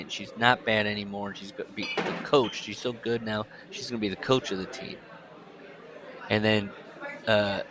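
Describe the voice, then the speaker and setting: A man's voice: on the low side, fairly bright tone. A man co-hosting a book podcast, recapping the plot and reading passages aloud in a loose, joking way. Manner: swearing, laughing, acting out lines from the book. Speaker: podcast co-host.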